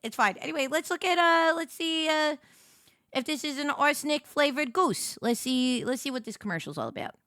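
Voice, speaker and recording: A giggly woman livestreamer rambles to her chat in a bright, bouncing voice that swings all over her range. She sits close to a desk microphone in a dry, dead room. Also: sits high, expressive, normal speed, dry recording. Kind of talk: casual stream chat.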